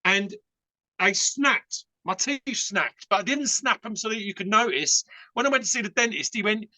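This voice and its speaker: A man's voice: high voice, lively intonation, normal speed, sharp tone, dry recording, low-quality recording. A man from England with an Essex accent, a podcast guest telling stories in a rambling, frank way with many fillers. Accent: Essex English. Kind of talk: casual storytelling.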